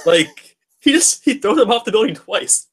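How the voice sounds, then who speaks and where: A man's voice: sits high, sing-song, normal speed, a bit bright, slightly rough. A man co-hosting a casual comic book podcast, easygoing and agreeable, chiming in with short remarks. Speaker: podcast co-host.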